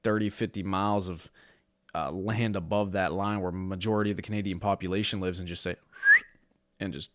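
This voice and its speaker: A man's voice: low voice, fairly even intonation, brisk, a little hiss or hum. A man co-hosting a casual podcast, brash and hyped up, swearing freely. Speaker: podcast co-host.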